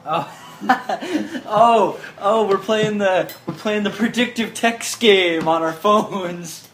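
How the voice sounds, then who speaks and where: A man's voice: high-pitched, slow, a bit bright. Guy cohosting a podcast w friends, laughs a lot, noisy echoey room. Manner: laughing, bossy about game rules. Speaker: podcast co-host. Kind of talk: casual chat among friends.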